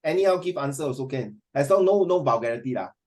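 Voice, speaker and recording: A man's voice: on the high side, animated, quick pace, a little mellow. A middle-aged male teacher with a Singaporean accent leads a classroom discussion, teasing his students and calling on them by name. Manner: teasing, mixes English and Mandarin, calls on students by name.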